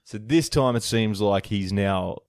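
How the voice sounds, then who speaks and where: A man co-hosting a podcast in casual chat, relaxed and agreeable, with lots of fillers. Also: fairly low pitch, unhurried, smooth, dry recording, studio quality. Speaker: podcast co-host.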